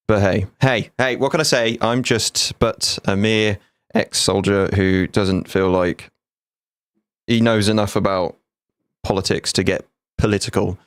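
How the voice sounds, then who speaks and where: Brief: man in his thirties, gaming streamer and ex-soldier, blunt sweary banter, lowish voice, dry close sound. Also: measured pace, gravelly, dry recording. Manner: frank, sweary, jokey banter. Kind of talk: casual livestream chat with viewers.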